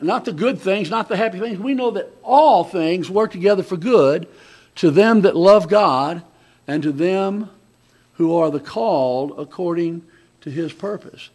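High-voiced man preaching a sermon. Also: measured pace. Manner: conversational preaching with many restarts and swings between loud and quiet.

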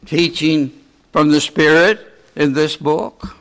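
Slow, questioning male preacher. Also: fairly high pitch, steady tone, fairly bright tone. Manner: asks the congregation many rhetorical questions; slow, deliberate delivery. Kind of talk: sermon.

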